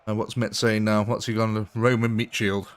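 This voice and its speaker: A man with a fairly low voice chats on a live gaming stream. He talks casually and laughs often as he answers his viewers' comments. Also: little pitch movement, normal speed. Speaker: gaming livestreamer.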